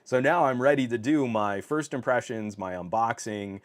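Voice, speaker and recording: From his home office, a man hosts a casual tech livestream, reading viewer comments, laughing often, and using many fillers. His medium-pitched voice moves at a moderate pace and is picked up by the on-camera microphone.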